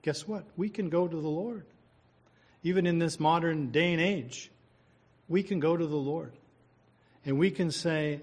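A man's voice: on the high side, a little slow, a little mellow, husky. A man preaching a sermon, reading scripture, praying and asking the listeners rhetorical questions in an earnest, conversational way.

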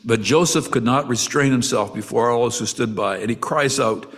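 A man delivering a sermon like he's chatting with the congregation. He often restarts his sentences and breaks off into asides. His voice sits at an everyday middle pitch. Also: normal speed, a bit bright. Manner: conversational, with frequent restarts and asides; acts out the brothers' quoted lines with rising emotion. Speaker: preacher.

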